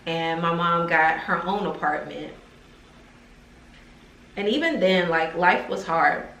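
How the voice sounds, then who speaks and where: A woman's voice: fairly low pitch, slow pace, a bit bright. A woman talking to camera in a casual vlog, heartfelt and emotional, with lots of filler words. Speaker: lifestyle vlogger. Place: her house. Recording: roomy echo, somewhat distant from mic.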